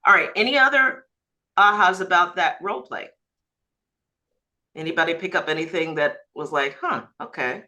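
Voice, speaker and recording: Bright emphatic woman broker coaching. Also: on the low side, normal speed, pauses often, low-quality recording. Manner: emphatic, lively, laughs easily. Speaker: managing broker leading a training call. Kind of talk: instructive group coaching. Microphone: video call.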